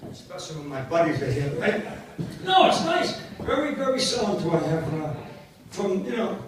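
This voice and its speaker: A man's voice: high-pitched, sing-song, normal speed. An older man, joking and rambling through self-mocking stories for a party crowd. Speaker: party entertainer. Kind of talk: comic storytelling to a live party. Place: party hall. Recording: echoey hall from far off, noisy.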